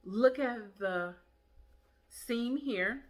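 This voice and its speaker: A woman's voice: on the high side, very slow. A woman hosting a casual product review vlog, chatty and enthusiastic, talking straight to her viewers.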